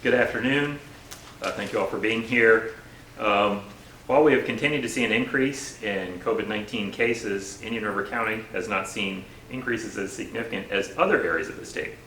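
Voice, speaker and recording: A man with a low but bright, forceful voice gives a formal, measured briefing statement. The sound is echoey, as if recorded in a hard press room, with a faint hiss underneath. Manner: formal, measured, thankful civic address. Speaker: county administrator.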